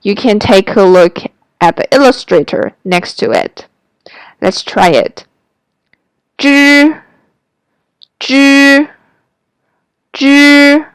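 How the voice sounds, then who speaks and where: Clear-voiced woman teaching pronunciation. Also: mid-range voice, dry recording, poor audio. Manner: clear, careful demonstration of sounds. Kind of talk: scripted language lesson.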